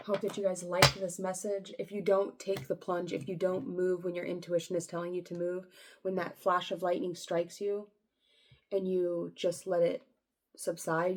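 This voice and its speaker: A woman's voice: fairly low pitch, slight background noise. A young woman vlogging casually about spiritual guidance, reading quotes aloud and talking bluntly, with some profanity. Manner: blunt and profane, swings from soft reading to frustrated outbursts.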